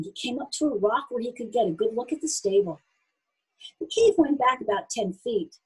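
Husky, expressive woman reading a story. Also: a little high, low-quality recording. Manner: expressive, animated. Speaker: narrator.

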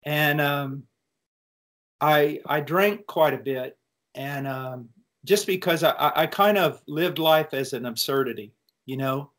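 A man's voice: a little high, takes it slowly, a bit bright. An American preacher answering student questions, telling his own testimony in a reflective, earnest way. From United States. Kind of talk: personal testimony in a Q&A.

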